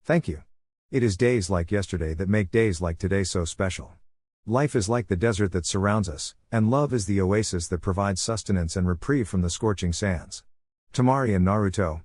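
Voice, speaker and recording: A man voicing a calm young man officiating a wedding, speaking in a flat monotone. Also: fairly low pitch, dry recording, clean studio sound, close to an everyday voice.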